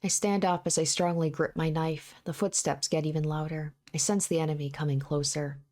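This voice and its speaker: Give me a woman with a low-pitched voice reading a visual novel aloud, steady and measured. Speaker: let's play narrator.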